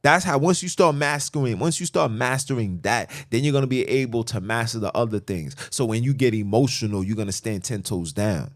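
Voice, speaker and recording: A man's voice: mid-range voice, brisk, hardly any pauses. A middle-aged man hosting a podcast, delivering an emphatic, repetitive, lecturing monologue. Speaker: podcast host. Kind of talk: preachy monologue.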